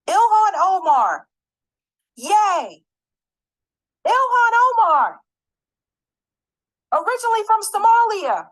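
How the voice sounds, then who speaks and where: High-pitched, angry woman commentator. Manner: angry, emphatic, swears and repeats points. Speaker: political commentator. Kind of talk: political commentary monologue.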